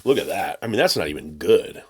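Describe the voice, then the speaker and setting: Deep-voiced man, sarcastic rambling vlog. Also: sing-song, a little fast, a little mellow, slight background noise. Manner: sarcastic, rambling, mock-ranting. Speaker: channel host. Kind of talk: casual unboxing vlog. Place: home desk with camera and laptop.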